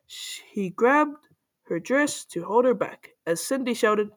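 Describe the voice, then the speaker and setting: A woman reading a rhyming children's story aloud in a playful, animated way, with the odd slip. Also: mid-range voice, takes it slowly. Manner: playful, animated, with small slips.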